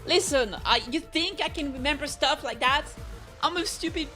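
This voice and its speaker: A woman streamer chats with her viewers in a bright, high voice, bubbly and playful, poking fun at herself. Soft game music plays faintly behind her. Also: moderate pace. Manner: bubbly, playful, self-mocking, chatting with viewers. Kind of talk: casual gaming livestream chat.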